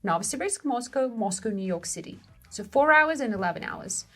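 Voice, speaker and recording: A young woman co-hosting a show, telling a story in a lively, exclaiming way. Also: fairly high pitch, brisk. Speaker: co-host of a language-learning show. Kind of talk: casual conversational storytelling.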